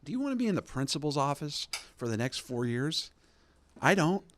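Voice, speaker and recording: A man's voice: on the high side, sing-song, fairly quick, a bit bright, a little hiss or hum. A young man hosting a podcast, ranting casually and sarcastically, rambling with lots of fillers and mocking impressions. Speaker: podcast host. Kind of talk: casual political rant.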